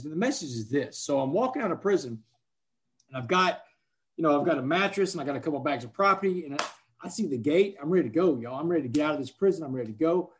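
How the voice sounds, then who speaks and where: A man's voice: a little high, lively intonation, fairly quick. A man in his forties, a podcast guest telling personal stories in an emphatic, conversational way, often saying "man". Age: 40s. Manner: emphatic, peppers speech with "man". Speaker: podcast guest, motivational speaker. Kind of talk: casual conversational storytelling.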